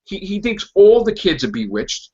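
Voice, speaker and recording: A man's voice: sits high, sing-song, moderate pace, dark tone, slightly rough. A man hosting a podcast, ranting in exasperated disbelief about a movie and acting out quotes. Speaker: podcast host. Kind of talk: casual movie review chat. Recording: dull lo-fi podcast audio.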